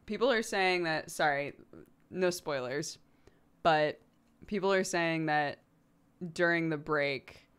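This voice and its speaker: A woman's voice: low voice, clean tone. A woman from the United States streaming from home, chatting casually with her chat and laughing often. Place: home streaming setup, lives in England.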